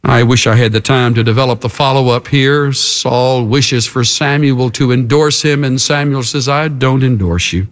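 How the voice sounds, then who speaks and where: A man's voice: mid-range voice, steady tone, moderate pace, hardly any pauses. A male preacher giving a sermon in an emphatic, dramatic way. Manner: emphatic and dramatic, acts out the characters.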